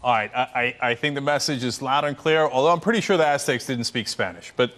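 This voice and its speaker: A man's voice: mid-range voice, quick pace, a bit bright. A man hosting a talk show, interviewing a guest with skeptical, probing questions.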